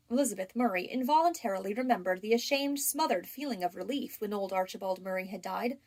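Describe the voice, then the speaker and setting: This audiobook reader is a woman with a mid-range voice, telling a classic novel at an even, measured pace.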